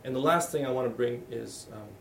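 Gravelly-voiced pastor preaching a sermon. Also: male voice, mid-range voice, fairly quick, slight background noise. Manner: candid, conversational, with frequent restarts. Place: church hall. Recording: echoey room, voice from a distance.

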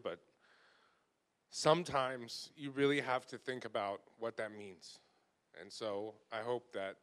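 A man's voice: fairly low pitch, fairly bright tone. A man leading a church gathering, speaking earnestly and emotionally in a conversational, self-deprecating way. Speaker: church leader. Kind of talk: informal church talk.

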